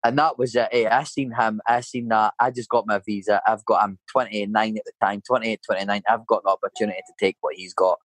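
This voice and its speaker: A man's voice: lowish voice, steady tone, fast, few pauses, fairly bright tone, dry recording, poor audio. A Scottish man in his thirties, a painter and decorator, telling a rambling story in casual chat and filling it with "mate" and "you know". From Scotland.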